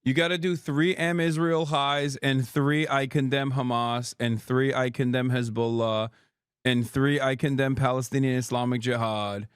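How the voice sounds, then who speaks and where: A man's voice: mid-range voice, steady tone, moderate pace, smooth, dry recording, studio quality. Sarcastic, profane man streamer. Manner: sarcastic, profane, laughs often. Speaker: streamer host. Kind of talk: casual commentary.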